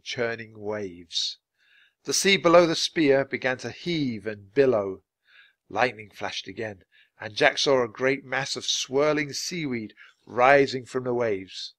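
A man reading a children's adventure book aloud, clear and steady for language learners. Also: medium pitch, dry recording. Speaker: storybook reader.

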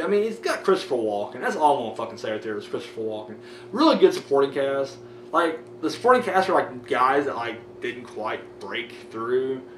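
A young man talking about his movie collection in a loose, excitable ramble, swearing a lot and piling up fillers. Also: a little high, far from the mic, slight background noise. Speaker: DVD collection vlogger. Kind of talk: casual profane movie chat. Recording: roomy audio from a camera mic set back.

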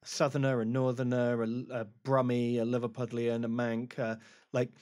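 A man's voice: mid-range voice, monotone, normal speed, darkish tone. A young man chatting casually while gaming, giggling often and rambling with lots of fillers. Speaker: gamer co-host.

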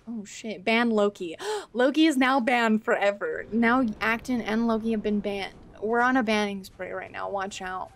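A woman streamer chatting casually while gaming, swearing freely, exasperated and laughing often as she answers her chat. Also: a little high.

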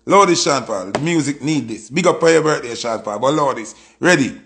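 A Jamaican man hosting an excited music reaction, exclamatory and swearing freely. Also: mid-range voice, normal speed, background noise.

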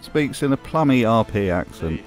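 A man's voice: mid-range voice, sing-song, moderate pace, soft background music. A man giving scripted commentary on accents with dry, mocking humor. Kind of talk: scripted narration.

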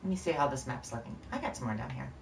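A woman's voice: a bass voice, lively intonation, very fast, creaky, echoey room, far from the mic, a little hiss or hum. A woman streaming a game live, chatting loosely with viewers in a scattered, rambling way, short on sleep. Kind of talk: casual live-stream chat while gaming.

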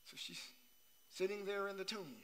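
A man's voice: high-pitched, level tone, normal speed, fairly bright tone. A man preaching a sermon as pastor, repeating phrases for emphasis and asking the congregation questions. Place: church sanctuary. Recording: long church hall reverb.

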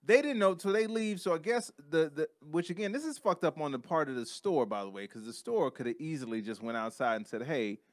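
A man co-hosting a podcast, talking in an emphatic, animated way and calling his co-host bro and man. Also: fairly high pitch, brisk, few pauses, dry recording. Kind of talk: casual podcast chat.

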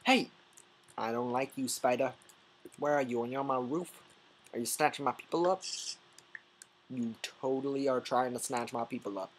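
A man's voice: medium pitch, steady tone, normal speed, pauses often. Goofy rambling man with noisy recording. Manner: rambling, goofy, with sudden yelling outbursts. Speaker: gameplay commentator. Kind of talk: solo game commentary.

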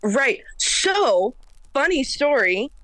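Thirties woman from the East Coast, singer guest; quick, loud, intense delivery, dry recording. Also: sits high, very animated, no room sound. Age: 30s. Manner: fast, loud and intense, by her own words. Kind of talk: casual interview chat.

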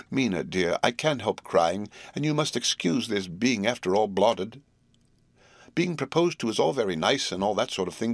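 A man with a fairly low voice reads a classic novel aloud as an audiobook. His delivery is measured and expressive, carrying a young woman's letter in his own voice. The sound is close and dry, with no room around it. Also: no echo. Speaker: audiobook narrator. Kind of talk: scripted narration of a classic novel.

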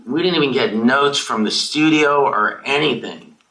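A film director answering audience questions over a video call, rambling and emotional, swearing casually. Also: male voice, mid-range voice, normal speed, sharp tone, low-quality recording.

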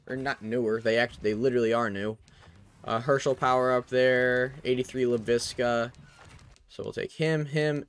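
A young man narrating a video game pack opening, excited and chatty, calling out each card and shouting over big pulls. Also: mid-range voice. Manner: hyped, shouts over big pulls, says "bro" a lot. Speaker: gaming YouTuber.

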